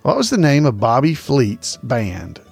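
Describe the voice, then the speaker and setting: A man's voice: medium pitch, wildly swooping pitch, unhurried, vocal fry, a little mellow, breathy edge, faint music behind. A man hosting a casual trivia podcast, repeating each question in a folksy, chuckling way. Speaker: trivia host.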